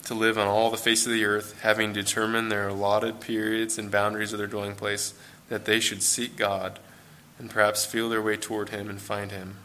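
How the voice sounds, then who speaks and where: An American man delivers a sermon to a church congregation. His voice sits fairly low but has a bright, forward edge. He talks in a loose, conversational way, with fillers and restarts. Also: completely flat delivery, normal speed, few pauses, slight background noise. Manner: conversational, with fillers and self-corrections. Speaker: preacher.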